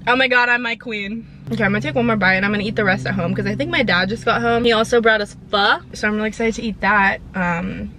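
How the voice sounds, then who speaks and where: A woman's voice: mid-range voice, quick pace, few pauses, a little hiss or hum. A young woman chatting animatedly in a casual vlog, recorded in her car on a camera phone. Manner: chatty, animated retelling with quoted voices. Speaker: vlogger.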